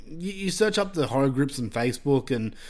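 A man's voice: mid-range voice, lively intonation, brisk. A man hosting a podcast, chatting loosely with lots of fillers and casual swearing. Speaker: podcast host.

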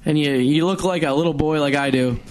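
Radio co-host, male, thirties, from Massachusetts; higher voice, loose animated storytelling. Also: a little fast. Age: 30s. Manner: rambling, animated, self-mocking storyteller. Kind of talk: casual storytelling chat.

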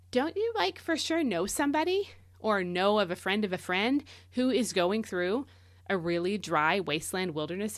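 Woman, devotional host, conversational, emphatic, medium pitch, dry close sound. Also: a bit bright, no room sound. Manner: emphatic, conversational, stresses key words. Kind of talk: casual devotional teaching.

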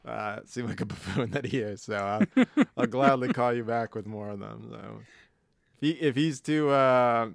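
Podcast host guy in his 30s, smooth clear voice, dry close sound, rambles and swears. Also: medium pitch, lively intonation, a little slow, no echo. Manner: rambling anecdotal storyteller, swears freely. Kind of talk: casual chat.

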